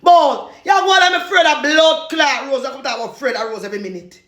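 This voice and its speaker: A Jamaican woman in a loud, repetitive, cursing rant, laughing between insults. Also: sits high, fast talker, roomy sound.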